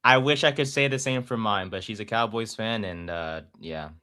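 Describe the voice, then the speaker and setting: A man co-hosting a sports podcast, bashful and quick to laugh, stumbling over his words. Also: lowish voice, sharp tone, smooth. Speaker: podcast co-host. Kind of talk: casual sports chat.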